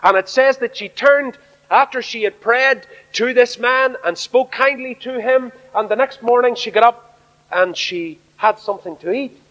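A man's voice: very high-pitched, normal speed, a bit bright. Preacher man in an echoing hall. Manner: earnest, preaching with rhetorical questions. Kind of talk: sermon at a Bible study. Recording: echoey hall, dull lo-fi sound.

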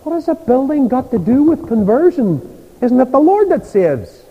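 A man's voice: very high voice, sing-song, unhurried, breathy edge. An older man with a Northern Irish accent preaching a sermon, telling stories animatedly and acting out the voices of the people in them. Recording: dull reverberant church hall.

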